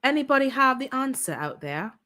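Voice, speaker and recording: A woman's voice: high voice, very animated, brisk, sharp tone. A woman hosting a casual live-stream holiday trivia game, chatty and playful, teasing her viewers. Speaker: livestream host running holiday trivia.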